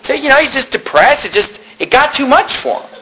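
A man's voice: extremely high pitch, very animated, a little fast, sharp tone, rough recording. A man preaching a sermon, reading scripture aloud and retelling it casually with lots of fillers.

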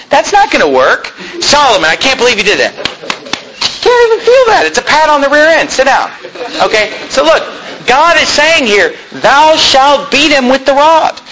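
High, lively-voiced man preaching. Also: a little hiss or hum, poor audio. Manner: emphatic preaching with asides to the congregation. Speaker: pastor. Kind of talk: sermon.

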